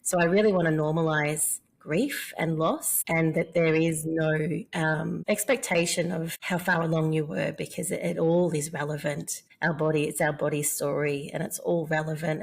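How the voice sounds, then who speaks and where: Earnest low-voiced woman guest. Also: gravelly, husky. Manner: earnest, heartfelt, slow in places. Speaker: fertility mentor guest. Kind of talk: conversational interview.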